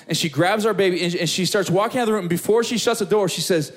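A young man preaching a sermon as pastor, telling a story with lively, acted-out moments in front of a room. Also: very fast, few pauses. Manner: animated storytelling, acting out scenes with big pitch jumps. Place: church hall with live audience.

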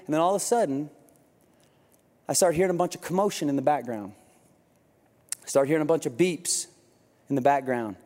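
A man with a high-pitched voice gives a sermon in a conversational, storytelling way. He sounds congested, and the long reverb of a large hall trails after each phrase. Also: brisk, pauses often. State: congested from crying. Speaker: pastor.

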